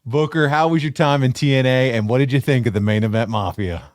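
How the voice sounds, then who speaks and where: Co-host, man, middle pitch, dry close mic, asks guest questions. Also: fast talker, darkish tone, dry recording. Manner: leads with questions, brief interjections. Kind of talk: interview questions.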